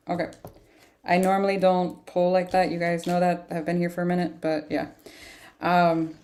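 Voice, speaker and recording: Woman, lowish voice, tired, rambling, laughs a lot, casual livestream tarot reading. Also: gravelly, warm tone. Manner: chatty, rambling, laughs often. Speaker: tarot reader.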